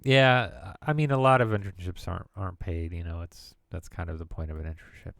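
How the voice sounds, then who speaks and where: Male streamer, gravelly voice, dry close sound, loose and jokey banter. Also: sits low, a little fast, a bit bright, no echo. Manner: rambling and jokey, riffing on words. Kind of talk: casual live-stream chat.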